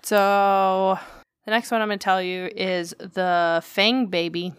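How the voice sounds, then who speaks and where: A woman's voice: mid-range voice, fairly even intonation, slow, clear, resonant tone, no echo, studio quality. A woman co-hosting a podcast, telling a story in casual, profane chat and acting out the quotes. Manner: profane, chatty, acts out quotes. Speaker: podcast co-host.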